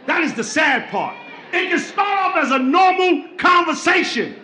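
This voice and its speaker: A male stand-up comedian on a club stage, loud and swearing, acting out both sides of arguments. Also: very high voice, very animated, normal speed. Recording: live club recording with crowd noise.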